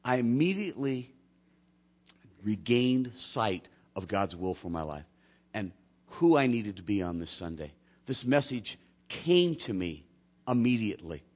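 A man's voice: lowish voice, big pitch swings, unhurried, long pauses. A male pastor preaching a sermon, his voice rising and falling in wide swings as he tells a story from his own week. He slips into the voices of the people he quotes, keeping the congregation along with him. The delivery is casual and conversational, with a middle-aged tone.

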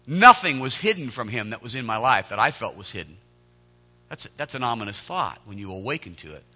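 A man in his forties preaching a sermon as pastor, earnest and conversational, swelling loud on key lines and dropping soft between. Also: mid-range voice, very animated, fairly quick, soft background music.

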